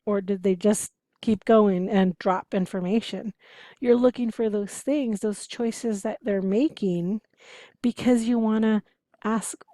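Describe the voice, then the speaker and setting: Female instructor, gravelly and mellow, dry close sound, chatty lecture delivery. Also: mid-range voice, dry recording. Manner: conversational, explanatory, asks rhetorical questions. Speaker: interpreting instructor. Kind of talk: lecture to students.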